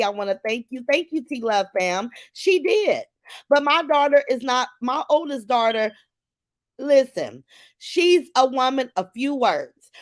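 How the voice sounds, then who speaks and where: A middle-aged woman hosting a casual livestream, greeting viewers by name and speaking in an animated, emphatic way. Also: a little high, no echo. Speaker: livestream host.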